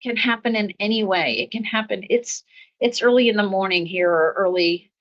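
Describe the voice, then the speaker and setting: A woman hosting a self-help podcast, talking calmly about pausing before reacting, with steady, repeating coaching phrases and soft laughs. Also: medium pitch, lo-fi sound. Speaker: podcast host. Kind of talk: reflective self-help talk.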